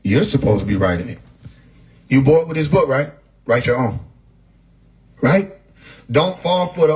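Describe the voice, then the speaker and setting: A man's voice: a little high, animated, measured pace, pauses often, darkish tone, low-quality recording. A man talking casually on a livestream, laid-back and profane, often laughing as he talks. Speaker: livestream host. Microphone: phone mic.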